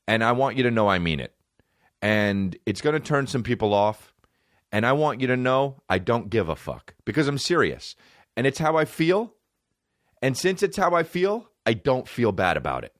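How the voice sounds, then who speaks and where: A man's voice: on the low side, very animated, measured pace, fairly bright tone, dry recording, clean studio sound. A man hosting a podcast, delivering a heated, profane rant with emphatic repetition. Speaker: podcast host and comedian. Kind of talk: profane ranting monologue.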